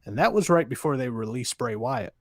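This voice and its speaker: Male podcast co-host, mid-pitched, steady news delivery, dry sound. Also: a little fast, no room sound. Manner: steady, matter-of-fact news reader. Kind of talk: casual chat, reading news items.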